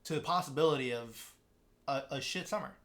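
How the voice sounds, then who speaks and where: This young man, a guest on a podcast, tells a long, rambling story in a relaxed chat, restarting many times and performing the lines of the people he quotes. He speaks fairly quickly in a mid-range, fairly bright voice.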